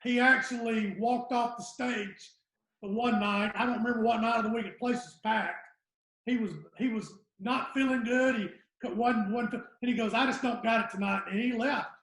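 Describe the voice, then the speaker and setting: Speaking at a normal speed, this Southern U.S. man in his 60s has an extremely high, fairly bright voice with fairly even intonation. He's a guest comedian on a casual podcast, telling rambling stories that trail off, and the room echoes.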